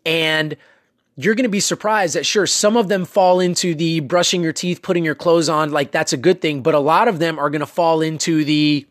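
A man's voice: on the high side, moderate pace, fairly bright tone, no echo, studio quality. A man hosting a casual motivational talk, coaching listeners in a conversational way with many fillers and asides. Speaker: self-improvement podcast host.

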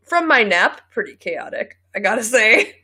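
A woman's voice: a little high, sing-song, normal speed, sharp tone, breathy edge. A woman co-hosting a comedy podcast in casual chat, giggling often as she talks. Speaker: podcast co-host.

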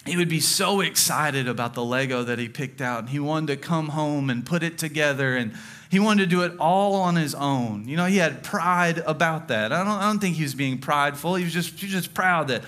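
A man in his thirties preaching a sermon, telling a family story with slow, deliberate emphasis. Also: fairly high pitch, a bit bright. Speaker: pastor. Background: music.

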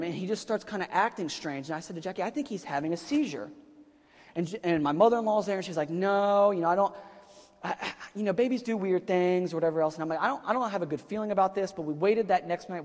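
Male pastor, 30s, conversational sermon, slightly high voice, long hall reverb. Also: a little mellow. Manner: conversational, rhetorical questions, frequent fillers. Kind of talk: sermon with personal story.

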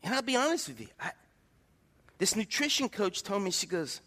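A man's voice: sits high, very animated, normal speed, pushed and bright. A middle-aged man preaching a folksy, joking sermon, acting out the voices he quotes. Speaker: pastor. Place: church sanctuary. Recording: reverberant hall.

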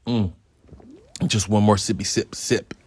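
A man's voice: fairly low pitch, little pitch movement, a little slow, darkish tone, slightly rough. A man hosting a solo review podcast, talking in a hyped, profane, joking ramble. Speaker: podcast host.

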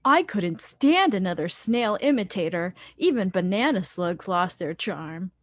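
A woman voicing a grateful customer in a mock ad testimonial, speaking in a slow, earnest tone. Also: medium pitch, sing-song, no echo, clean studio sound.

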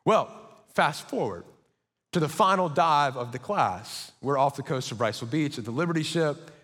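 A young adult man preaching a sermon as pastor, telling stories in a lively way with quick asides. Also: fairly high pitch, slightly rough. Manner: energetic storytelling with quick asides. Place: church auditorium. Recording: reverberant church auditorium.

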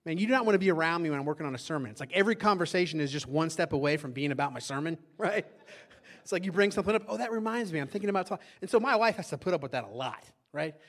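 A middle-aged man preaching a sermon, telling a story from his own marriage with animated energy. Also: a little high, rapid-fire. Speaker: pastor.

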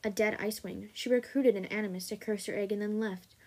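A stern ice dragon father from a homemade story gives short, guarded answers, read out by its author. The voice stays plain and middle-pitched, close to everyday reading. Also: steady tone, brisk, darkish tone, close to an everyday voice. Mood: curt. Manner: curt and guarded.

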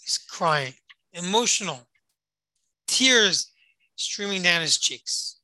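Very bright, dry-voiced storyteller. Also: mid-range voice, expressive, slow pace, dry recording, poor audio. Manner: rambling, repeats phrases, explains Hebrew terms. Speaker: Torah study leader. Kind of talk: casual storytelling to a group on a call. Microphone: call or online meeting.

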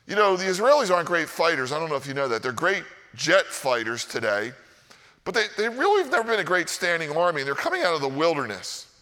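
A male pastor delivers a sermon in an animated, conversational way, often turning to the congregation for agreement. His voice is bright and a little high. The sound carries a long reverb, as if from a large hall. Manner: animated, conversational, keeps asking "right?".

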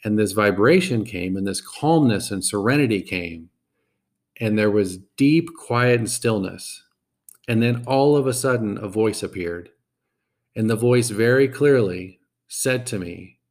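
A man hosting a podcast, telling a personal story in a reflective, halting way and often repeating words. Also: on the low side.

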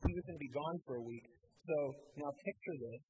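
A man's voice: fairly high pitch, brisk, warm tone, slight background noise, rough recording. Young American man preaching a sermon. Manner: storytelling, casual with many fillers. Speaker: pastor. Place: church.

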